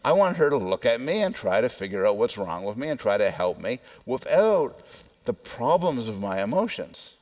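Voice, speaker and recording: A man's voice: medium pitch, very animated, normal speed, a little mellow. A man who is a psychology professor, giving a conversational public lecture that poses questions to the audience and adds personal asides.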